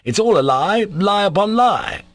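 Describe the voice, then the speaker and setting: A man's voice: medium pitch, lively intonation, a little fast, no echo, voice pushed up, natural voice. A man reading as a scornful, bitter young man. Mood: irritable. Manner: sharp, contemptuous, scornful delivery. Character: bitter sardonic young man, cold and irritable. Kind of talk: audiobook character voice.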